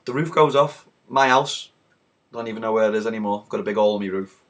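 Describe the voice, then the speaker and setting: A hoarse man with a Liverpool accent, recapping a football match in a rowdy, swearing storytelling way. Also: lowish voice, fast talker. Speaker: football fan vlogger.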